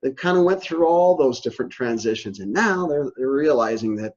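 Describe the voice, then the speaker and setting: Husky-voiced man giving a casual lecture. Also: medium pitch, sing-song, brisk, few pauses, a little mellow. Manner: conversational, acts out quoted reactions. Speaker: university instructor. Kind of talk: recorded lecture. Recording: dull lo-fi recording.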